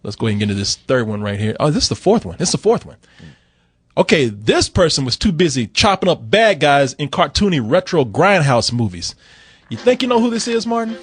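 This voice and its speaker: A man's voice: a little high, very animated, brisk, husky, dry recording. A man running a playful quiz in casual podcast chat, teasing his co-host and laughing often.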